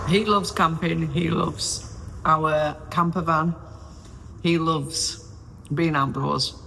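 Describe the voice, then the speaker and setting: A woman's voice: low-pitched, fairly bright tone. A woman, chatting casually and self-deprecatingly to her own camera while doing DIY in a caravan, rambling and losing her train of thought. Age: 40s. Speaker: vlogger. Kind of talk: casual solo vlog chat. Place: small caravan interior under renovation, windy day. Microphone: self-filmed camera on a stabilizer, sometimes far off. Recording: echoey small room, faint wind noise.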